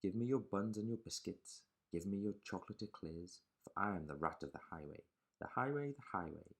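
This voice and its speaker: A man voicing a greedy, bullying male rat highwayman in a storybook reading, gruff and swaggering. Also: lively intonation, fairly quick, exaggerated voice.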